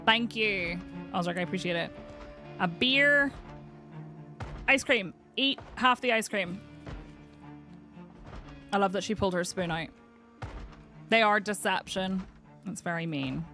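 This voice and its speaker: A woman's voice: medium pitch, unhurried, pauses often, sharp tone, soft background music. A woman chatting through gameplay commentary as a streamer, talking to her game character and swearing casually.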